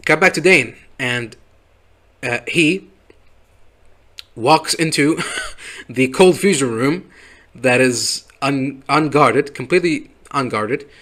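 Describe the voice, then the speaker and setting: A man's voice: medium pitch, a bit bright. A man casually recapping a show episode in a rambling way, with many fillers and chuckles. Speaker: show reviewer.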